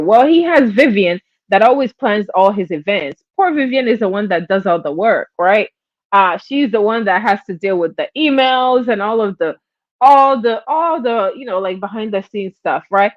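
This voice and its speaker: A woman's voice: fairly high pitch, a little slow, no echo. Chatty woman streamer, dull sound. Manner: chatty, animated, acts out quotes. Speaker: live stream host. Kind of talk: casual gossip commentary.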